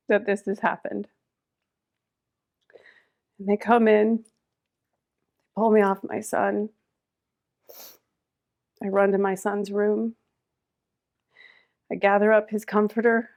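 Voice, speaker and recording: A middle-aged woman with a gravelly, fry-tinged voice recounts a personal story as a podcast guest. Her delivery swings between raised, urgent stretches and hushed, quiet ones, and her pitch stays at an ordinary middle level. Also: little pitch movement, slow, long pauses.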